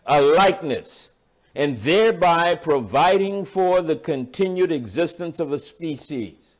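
An older man preaching a sermon, slow and emphatic, repeating key words for weight. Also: on the high side.

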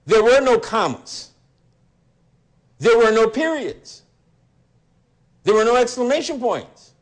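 A man teaching a Bible study sermon in a deliberate, emphatic way, repeating his key lines. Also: very high-pitched, very animated.

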